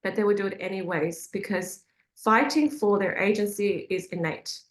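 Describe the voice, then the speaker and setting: In an echoey room, an Australian woman running a faith group meeting shares a personal anecdote in a relaxed, chatty way. She fills pauses often and laughs frequently, though her mid-range voice holds a steady tone at a moderate pace.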